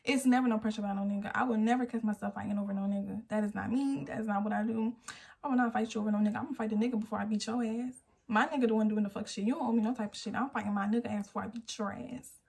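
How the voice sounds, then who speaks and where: A woman's voice: medium pitch, steady tone, very fast, vocal fry, darkish tone, breathy edge. An eighteen-year-old woman telling a storytime vlog, acting out the quotes as she goes. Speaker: vlogger. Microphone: phone camera.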